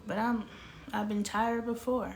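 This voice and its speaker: A woman's voice: a little high, steady tone, measured pace, vocal fry, darkish tone. A woman who makes online content and works as a spiritual coach, venting bluntly and swearing freely in a candid monologue.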